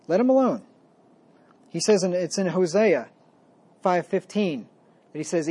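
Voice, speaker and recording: A man delivers a sermon in a mellow, warm voice. He slows down to read scripture with weight, then speaks conversationally as he explains each verse. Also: high-pitched, animated, breathy edge. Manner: reads scripture slowly and with emphasis, then explains plainly; conversational preaching. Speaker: pastor.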